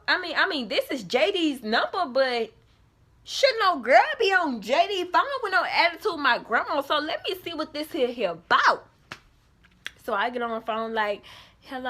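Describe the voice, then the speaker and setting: A young woman telling a casual storytime vlog, animated and acting out the people in her story. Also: high-pitched. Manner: animated storytelling, quoting others in put-on voices. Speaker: vlogger.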